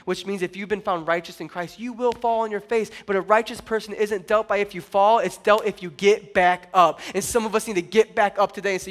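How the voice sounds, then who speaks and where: High-voiced, lively male preacher. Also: quick pace, hardly any pauses. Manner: animated, playful asides and acted-out voices. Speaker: pastor. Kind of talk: sermon.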